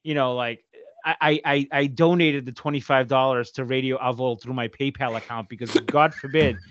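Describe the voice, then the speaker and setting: A man co-hosting a podcast, telling stories in profane, animated casual chat and slipping into quick impressions. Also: mid-range voice, no room sound, muffled recording. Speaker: podcast co-host.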